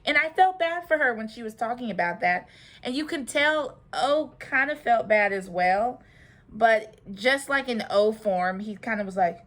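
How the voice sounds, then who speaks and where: This young woman's voice is on the high side and fairly bright, moving at normal speed. She's recapping a reality show informally, talking chattily with many fillers and an occasional sigh.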